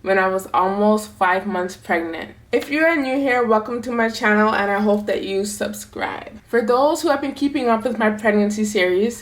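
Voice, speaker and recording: A young woman vlogger telling a personal story to camera in a candid, conversational way. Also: mid-range voice. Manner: candid, conversational, plain-spoken.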